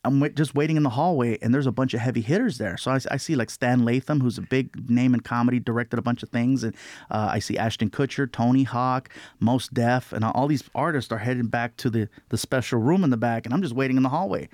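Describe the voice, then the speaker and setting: A man telling a story as a guest comedian in an interview, animated and acting out other people's voices. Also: medium pitch, quick pace, no echo, studio quality. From California.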